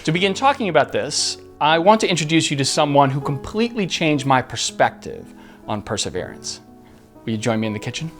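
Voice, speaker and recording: A man hosting a podcast, telling a story in an earnest way with suspenseful pauses. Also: a little high, very animated. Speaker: podcast host. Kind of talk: storytelling narration. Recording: faint guitar music behind. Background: soft guitar music.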